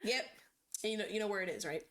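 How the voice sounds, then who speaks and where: A woman's voice: mid-range voice, expressive, fast, fairly bright tone. A woman streamer chatting casually as she plays, rambling and hesitant with many ums.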